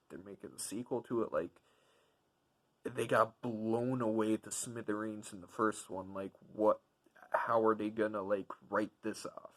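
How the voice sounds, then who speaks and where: A man's voice: lowish voice, poor audio. Rambling male movie reviewer. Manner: rambling, filler-heavy, enthusiastic. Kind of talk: casual spoken film review.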